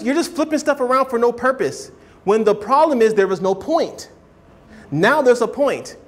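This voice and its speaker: A man teaching a writing class, animated, often asking students whether they follow and acting out hedging speakers. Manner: animated, keeps checking understanding with questions; acts out hedging speakers in a higher voice. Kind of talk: classroom lecture.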